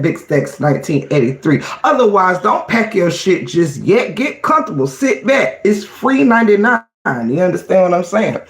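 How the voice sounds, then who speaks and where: A man with a high voice rants sassily on a livestream and calls his listeners honey and girl. He stops to greet viewers in the chat by name. His voice echoes around the room. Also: a little hiss or hum. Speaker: livestream host. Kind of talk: casual livestream commentary.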